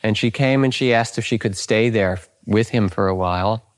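A man's voice: lowish voice, normal speed. An older man, a meditation teacher, telling anecdotes in a dharma talk, often chuckling and saying "you know".

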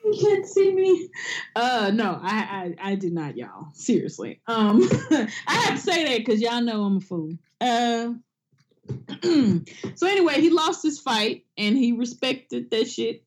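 On a casual comedy podcast she co-hosts, a woman swears freely and brings quotes to life with big, exaggerated voices, staying animated throughout. Her voice is a little high and unhurried.

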